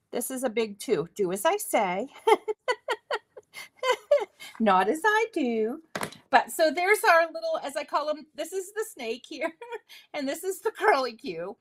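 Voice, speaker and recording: Lively chatty woman crafting host. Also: sits high, a little slow. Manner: chatty and self-deprecating, laughs often. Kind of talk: live crafting demonstration.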